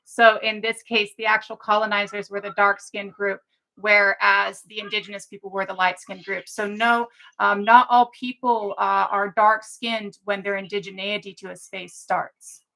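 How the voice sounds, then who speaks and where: A woman makes a measured, methodical counterpoint in casual discussion. Her delivery is flat and gravelly, with a bright tone. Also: medium pitch, low-quality recording.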